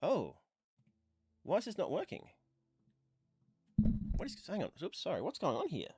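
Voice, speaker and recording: A man's voice: high-pitched, huge pitch swings, moderate pace, darkish tone, breathy edge, dry recording. A man talking casually on his livestream, rambling with lots of fillers, a bit stuffy from blowing his nose. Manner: rambling, chatty, with many fillers. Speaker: streamer.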